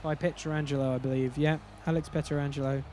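A young man chatting excitably as he plays a hockey video game, cheering and grumbling with mild curses. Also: fairly high pitch, a little fast, a little hiss or hum. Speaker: gaming video host. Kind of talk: live gameplay commentary.

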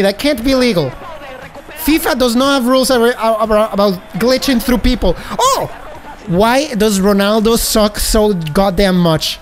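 A man giving excitable gameplay commentary as a gaming YouTuber, breaking into high yelps and laughter. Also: moderate pace, faint music behind.

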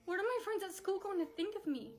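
A woman's voice: very high-pitched, animated, fast talker, faint music behind. A woman telling a storytime in a chatty, dramatic way. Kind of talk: storytime narration.

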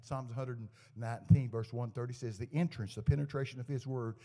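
A man's voice: mid-range voice, fairly quick. A man preaching a sermon to a live congregation, telling folksy stories and acting out the dialogue in them. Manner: folksy anecdotes with lively quoted dialogue. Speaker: guest preacher. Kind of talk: storytelling sermon. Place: church service to a live congregation. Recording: echoey church hall.

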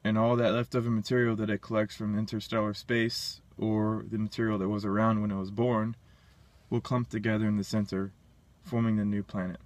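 A man's voice: fairly low pitch, flat delivery, brisk. A man talking alone in a casual monologue, blunt and dismissive, thinking aloud and restarting his sentences. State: burping. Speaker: independent science commentator.

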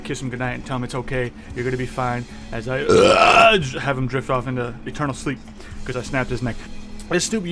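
A man hosting a reaction commentary, talking casually with mocking jokes, slang and swearing. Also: medium pitch. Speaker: commentary host. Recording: background music under the voice.

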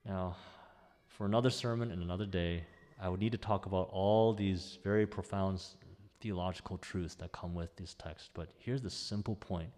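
A man preaching a sermon as pastor, in a conversational, animated way. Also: deep voice, normal speed, in a large hall. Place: church sanctuary.

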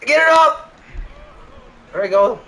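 A man gaming with friends, cheering and shouting at a hockey video game. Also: very high voice, lively intonation, slow pace, rough recording. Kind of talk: excited gaming chat with teammates.

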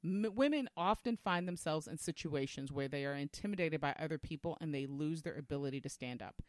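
Animated storytelling woman. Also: low voice, a little fast, dry recording, clean studio sound. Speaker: podcast co-host. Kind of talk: casual conversation.

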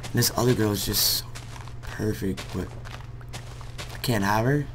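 A man's voice: fairly low pitch, unhurried, a little hiss or hum. Rambling young man venting over gameplay. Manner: rambling and hesitant, bursts into loud cursing. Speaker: gaming vlogger. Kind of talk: casual heartfelt talk over gameplay.

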